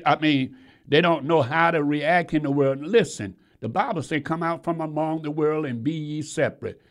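A man with a high voice preaches in a folksy, rhythmic way. He calls out to the congregation by name and swings between loud, climbing lines and quiet, hushed ones. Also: lively intonation, moderate pace. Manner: rhythmic preaching with sudden rises and drops in pitch and volume. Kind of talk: sermon.

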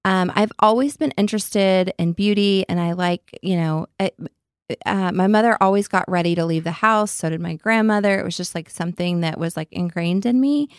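A woman's voice: mid-range voice, normal speed, clear, resonant tone, no echo. A woman in her forties with a West Texas accent, a podcast guest talking casually in a studio with lots of energy and blunt frankness. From Lubbock, Texas. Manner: energetic, blunt straight talker. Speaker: guest, beauty entrepreneur. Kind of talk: casual interview chat.

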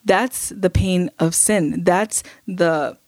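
A woman's voice: fairly low pitch, extremely slow, darkish tone, no room sound. A woman co-hosting a podcast, speaking in casual talk that is earnest and encouraging. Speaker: podcast co-host.

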